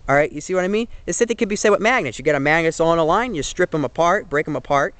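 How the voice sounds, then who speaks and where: A man's voice: a little high, expressive, rapid-fire, a bit bright, no echo. Earnest young man with dry sound. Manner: earnest, rambling, heavy with fillers and restarts. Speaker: vlogger. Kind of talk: casual opinion monologue to camera.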